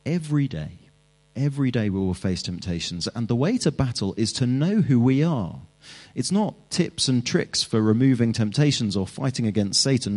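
A man preaching a sermon, earnest and emphatic, building his points with repeated phrases. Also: medium pitch.

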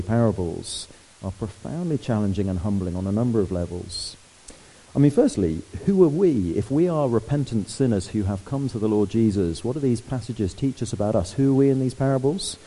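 A man preaching a sermon, lively and conversational, asking the congregation questions. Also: lowish voice, slight background noise, poor audio.

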